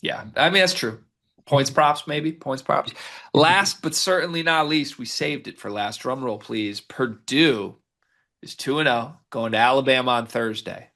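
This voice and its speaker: A sports podcast co-host runs the segment in casual chat, reading out stats and setting up each question while hiccuping. His medium-pitched voice has a sharp tone at a moderate pace.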